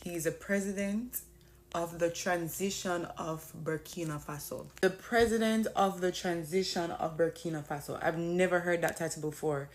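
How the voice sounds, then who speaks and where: A woman chatting casually to camera, animated and thinking aloud. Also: fairly low pitch, moderate pace. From Jamaica. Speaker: vlogger. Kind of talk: casual commentary.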